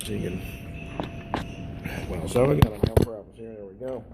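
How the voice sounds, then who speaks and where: A man's voice: on the low side, moderate pace, creaky, very noisy. A man losing his voice, chatting folksily and rambling while reviewing beer and food outdoors, laughing often. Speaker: beer vlogger. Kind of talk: casual video review. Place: outdoors at a trout farm restaurant.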